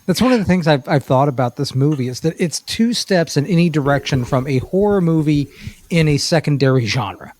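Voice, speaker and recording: Man with a higher voice, faint hiss. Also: lively intonation, a little fast, darkish tone. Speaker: podcast co-host. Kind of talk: casual movie review chat.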